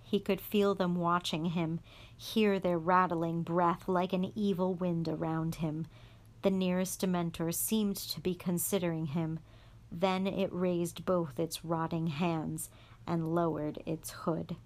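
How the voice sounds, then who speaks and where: A woman reading a chapter of a storybook aloud in a calm, even voice. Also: on the low side, takes it slowly. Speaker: guest reader.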